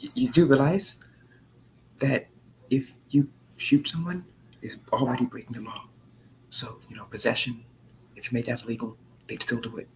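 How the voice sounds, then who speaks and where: A man's voice: mid-range voice, normal speed, pauses often, a little hiss or hum, rough recording. A man hosting a reaction video, making sarcastic, mocking asides in casual commentary.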